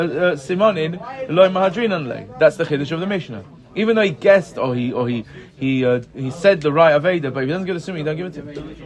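A man teaching a text study class, reading short passages aloud and explaining them in casual English with constant "right? yeah?" checks to his students. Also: a little high. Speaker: Talmud teacher. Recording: room with group chatter heard.

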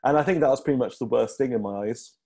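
A man's voice: mid-range voice, fast talker, dark tone, breathy edge. A man, a comedian chatting as a podcast guest, rambling with lots of ums and restarts. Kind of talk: casual interview chat.

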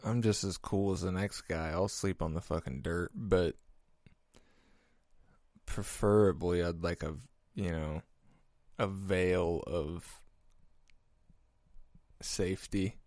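A man's voice: sits low, steady tone, slow, pauses often, darkish tone, no room sound. A man hosting a podcast, talking in a loose, rambling way, amused at himself and swearing casually. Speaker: podcast host. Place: podcast room.

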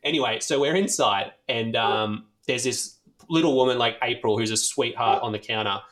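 An Australian man telling a rambling, animated story in casual chat, swearing freely and leaning on fillers. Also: medium pitch, moderate pace. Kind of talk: casual anecdote.

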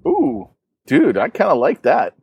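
A man's voice: on the high side, huge pitch swings, measured pace, darkish tone, breathy edge, no room sound, highs cut off. A man co-hosting a podcast from his backyard, laid-back and playful, telling casual stories. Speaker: podcast co-host.

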